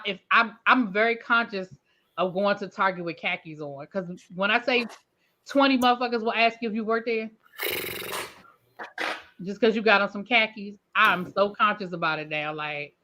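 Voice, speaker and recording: Rambling DC-accented woman, bright voice, dull lo-fi recording. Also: medium pitch, normal speed, slight background noise. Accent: Washington DC. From Washington DC. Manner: chatty, rambling, self-correcting. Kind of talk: casual chat.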